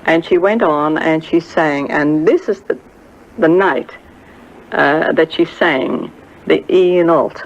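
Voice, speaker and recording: An older woman with a low voice reminisces about a singer she once knew, speaking hesitantly with lots of fillers and acting out what other people said. The recording is lo-fi with slight background noise.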